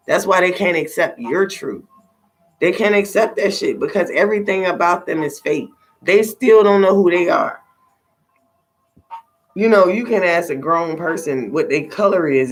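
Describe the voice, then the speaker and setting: A woman's voice: fairly low pitch, slightly rough. Blunt, profane middle-aged woman. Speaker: tarot reader. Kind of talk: casual livestream talk.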